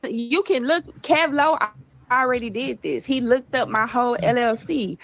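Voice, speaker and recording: A woman content creator lays out her side in a defensive, matter-of-fact tone, heard in a clip played back on the stream. Her voice sits a little high, and she talks plainly and casually. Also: moderate pace, a bit bright, a little hiss or hum.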